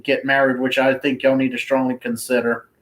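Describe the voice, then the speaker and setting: Man voicing kind father figure, gentle, reassuring, flat even delivery. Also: mid-range voice, fairly quick, a little hiss or hum, close to an everyday voice, low-quality recording. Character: kindly father urging his son to marry.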